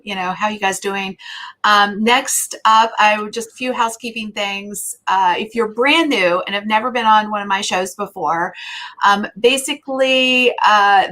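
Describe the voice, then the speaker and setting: A middle-aged woman from the United States hosts a live online show in an effusive, chatty way. Her speech is loose and full of filler words, and she warmly greets the people watching. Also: mid-range voice. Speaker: host.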